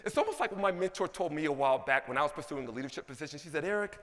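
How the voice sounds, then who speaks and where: A man giving an energetic conference keynote, asking the audience questions. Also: a little high, rapid-fire, few pauses, in a large hall. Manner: animated, asks the audience questions. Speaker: keynote speaker. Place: large conference hall.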